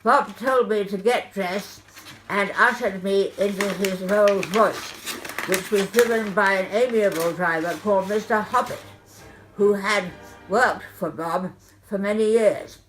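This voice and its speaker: A woman reading aloud from her own memoir in the first person, telling it in a brisk, deadpan comic way. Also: medium pitch, music in the background, rough recording.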